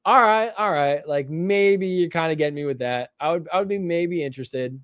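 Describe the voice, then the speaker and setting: A young man hosting a casual live stream, reacting to clips with excitement and frequent laughter. His voice sits a little high, and the sound is dry and close, with no room around it. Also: normal speed, clear, resonant tone, dry recording. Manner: excitable, joking, laughs often. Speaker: livestream show host.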